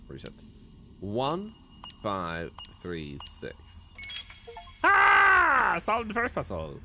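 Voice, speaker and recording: A man's voice: lowish voice, wildly swooping pitch, drawn-out words, over music. A man from northern Sweden with a Swedish accent, chatting casually with his viewers while streaming a game and laughing often. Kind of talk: casual live-stream commentary.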